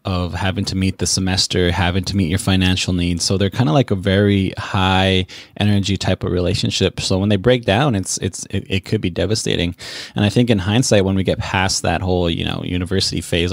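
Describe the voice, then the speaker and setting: A man's voice: low-pitched, dry recording, studio quality. A man hosting a podcast interview, talking in a reflective, supportive way with many ums and restarts. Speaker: podcast host.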